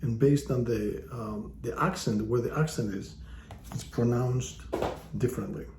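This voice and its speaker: A man's voice: medium pitch, a little slow, noisy background. A man giving a casual online language lesson, explaining patiently with wry, joking asides. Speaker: language teacher. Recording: echoey room.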